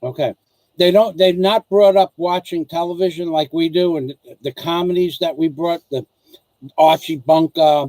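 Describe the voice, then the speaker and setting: Higher-voiced rambling American man. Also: steady tone, normal speed, mellow, no room sound, low-quality recording. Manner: repetitive, restarts sentences, acts out dialogue. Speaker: vlog host. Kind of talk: casual rambling rant to viewers and wife.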